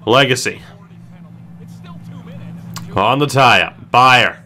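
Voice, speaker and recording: A man commentating his own hockey video game, swinging between low groans and excited shouts. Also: extremely slow, a little hiss or hum. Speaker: gaming streamer.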